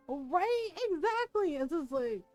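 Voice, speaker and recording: A woman streamer chatting casually with her live viewers, animated and swearing often, with frequent laughter. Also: high-pitched, dry recording.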